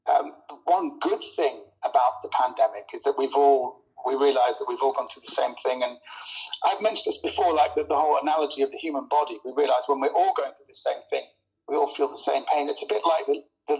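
A man talks in a casual interview chat as a comedian guest, his voice sitting a little high. He tells stories with animation, laughs often and stumbles over repeated words as he starts sentences. The sound is dull and lo-fi.

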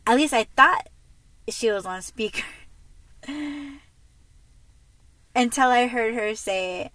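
Slow, chatty woman podcaster. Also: medium pitch, a bit bright, no echo, poor audio. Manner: chatty, lots of fillers and laughs. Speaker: podcast host. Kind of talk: casual storytelling monologue.

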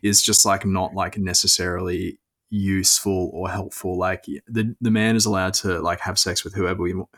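A man's voice: deep voice, flat delivery, moderate pace, hardly any pauses, fairly bright tone. A man as a podcast guest in casual chat, rambling and opinionated with lots of filler words.

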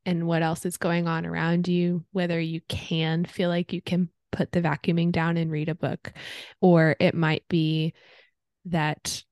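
Young female podcast host, low-ish voice, thoughtful, dry close recording. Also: level tone, unhurried, darkish tone, no room sound. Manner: thoughtful, searching for words. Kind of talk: casual conversation.

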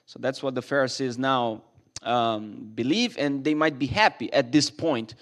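A man's voice: medium pitch, moderate pace, fairly bright tone. A man preaching a sermon as a pastor in a church, earnest and emphatic, often restarting his sentences.

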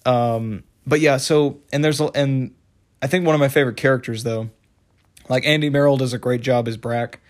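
A man's voice: mid-range voice, steady tone, moderate pace. A man talking casually and at length about a favorite cartoon, rambling with many fillers and restarts. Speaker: show reviewer. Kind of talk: casual monologue review.

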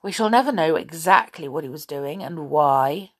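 A woman's voice: low voice, expressive, normal speed. A woman reading a children's story aloud, voicing a well-spoken schoolgirl who sounds resigned and wistful.

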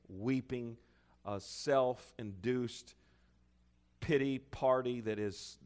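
A man preaching a sermon, reading scripture aloud and breaking off into lively, chuckling asides. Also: medium pitch.

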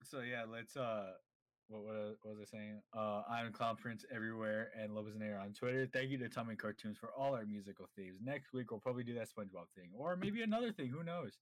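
A man's voice: on the low side, brisk, dry recording. A man chatting casually as a podcast co-host, rambling with many fillers and frequent laughter.

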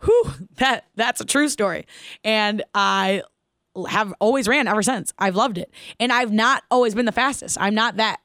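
A woman in her thirties hosting her own podcast, telling a personal story in an animated, casual way, laughing as she goes and asking listeners questions. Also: mid-range voice, normal speed, no room sound, studio quality. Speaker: podcast host.

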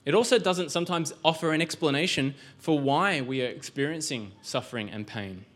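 A man's voice: a little high, fairly quick, fairly bright tone. Man preaching in a chatty way. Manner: conversational, with frequent restarts and rhetorical questions. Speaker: pastor. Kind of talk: sermon. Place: church.

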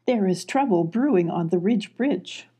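A wise mother owl from a storybook hoots and briskly reports the news, voiced by a woman. Her voice sounds mellow and slightly husky. She is all business. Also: medium pitch, expressive. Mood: informative. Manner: brisk, informative, hooting.

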